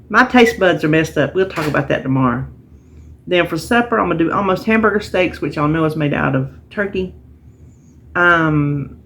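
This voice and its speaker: A woman's voice: lowish voice, a little hiss or hum. A middle-aged woman, chatting casually and a bit tiredly to camera, rambling with restarts as she talks. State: tired, yawning. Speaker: vlogger sharing a weekly menu plan.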